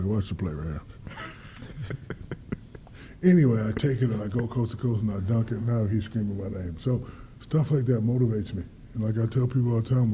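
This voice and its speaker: A man's voice: on the low side, a little hiss or hum. A man in his fifties, a guest in a casual interview, telling stories with energy, acting out dialogue and swearing freely. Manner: animated storyteller, acts out dialogue, swears freely. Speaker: guest athlete.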